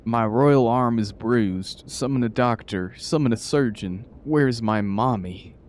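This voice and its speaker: A man voicing a pompous, whiny male rat king who speaks slowly and theatrically, in a live-stream bit. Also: mid-range voice, darkish tone, slight background noise, lightly acted. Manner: slow, drawn-out, theatrical.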